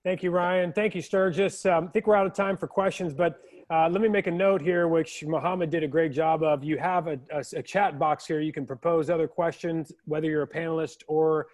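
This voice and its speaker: A man hosting an online pitch event, upbeat and informal as he moves between presenters. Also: steady tone, brisk, darkish tone. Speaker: host of a pitch competition.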